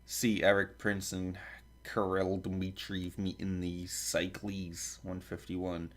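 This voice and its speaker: Low and monotone, a man hosting a podcast slowly works through a long table of contents. Foreign names trip him up, he makes asides along the way, and his dry throat keeps him coughing.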